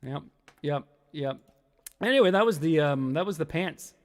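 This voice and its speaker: A man's voice: a little high, expressive, normal speed. A man in his fifties hosting a casual solo stream, rambling and nostalgic, now and then acting out an old sketch in silly voices. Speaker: podcast host.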